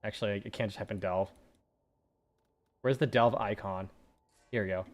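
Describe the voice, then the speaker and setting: A man's voice: on the low side, steady tone, moderate pace. A young man streaming a game and chatting casually, rambling with frequent restarts and plenty of swearing. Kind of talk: casual gaming chat.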